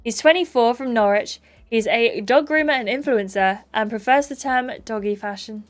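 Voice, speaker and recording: A woman playing a story game, reading it aloud with bubbly, gushing, excitable commentary. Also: a little high, normal speed. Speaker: let's play gamer.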